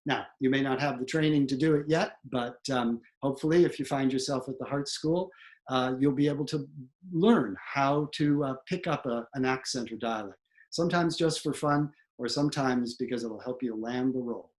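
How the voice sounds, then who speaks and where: A man's voice: medium pitch, normal speed, darkish tone. Middle-aged male theatre professor, instructional, loose with fillers and repeats. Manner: explanatory, with fillers and repeated words. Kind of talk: instructional talk.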